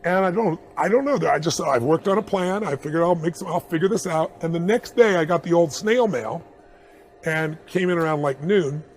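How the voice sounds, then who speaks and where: A middle-aged man telling a personal anecdote in an interview, animated and chuckling as he acts out the dialogue. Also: on the high side, moderate pace. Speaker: interview guest.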